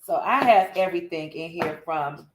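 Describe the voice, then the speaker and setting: A woman's voice: on the low side, lively intonation, moderate pace, background noise. A woman hosting a casual morning livestream, chatty and laughing often as she greets viewers by name. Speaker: livestream host.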